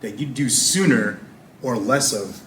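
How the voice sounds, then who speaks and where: A man's voice: mid-range voice, a little slow, fairly bright tone, roomy sound, a little hiss or hum. A man hosting an interview, asking questions and encouraging the guest with laughter. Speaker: host.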